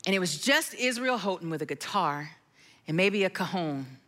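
A middle-aged woman giving a sermon testimony, telling her story expressively, dropping to hushed tones and singing bits of lyrics. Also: lowish voice, lively intonation, normal speed. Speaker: worship leader giving testimony.

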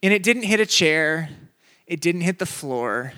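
A young adult man preaching a sermon tells a funny personal story with big vocal rises, then goes low and soft to deliver the message. His intonation is lively and his pace unhurried.

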